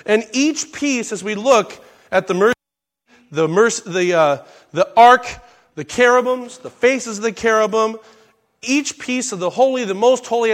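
A man preaching a sermon, reading scripture aloud and stopping to correct himself and explain the words. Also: high voice. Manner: reads scripture aloud in King James wording, with asides and self-corrections. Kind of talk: sermon, Bible study.

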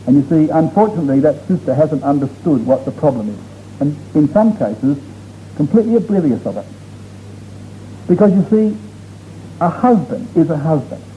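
The preacher is a man with a fairly high pitch and lively intonation who talks at normal speed but pauses often. Addressing his congregation earnestly and emphatically, he draws out key words for stress. Faint noise runs under the dull, lo-fi recording.

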